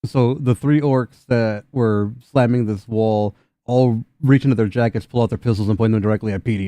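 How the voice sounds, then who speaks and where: A young man narrating a tabletop game as game master, rambling casually and filling pauses with "like". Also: lowish voice, fairly even intonation, mellow, no room sound. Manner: loose, rambling narration with many fillers.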